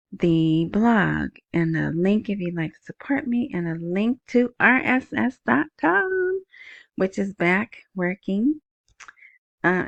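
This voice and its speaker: A woman with a soft, small voice hosting a casual solo podcast, chatting in a rambling way into a wired earbud mic. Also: mid-range voice, no echo, lo-fi sound. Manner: rambling, chatty, self-interrupting. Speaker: podcast host.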